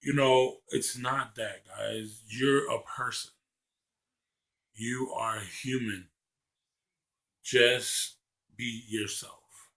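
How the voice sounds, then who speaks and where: A man's voice: medium pitch, steady tone, extremely slow, pauses often, bright, forceful tone. A young man from Maryland talking earnestly to camera in a rambling vlog monologue, often stumbling over the starts of his sentences. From Maryland, USA. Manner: earnest, rambling, repeats words when starting a thought. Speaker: vlogger.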